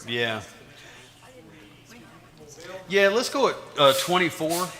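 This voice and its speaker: A man's voice: fairly high pitch, sing-song, slow pace, big-room sound. A man leading an orchestra rehearsal, counting beats aloud and scatting rhythms to show how they go. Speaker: orchestra conductor. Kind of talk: rehearsal instruction. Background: loud orchestra playing.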